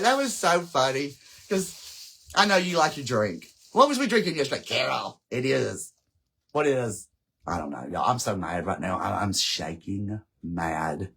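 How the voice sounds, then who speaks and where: A man's voice: mid-range voice, a bit bright, slight background noise, rough recording. A man hosting a casual craft livestream, chatting and rambling straight to his viewers.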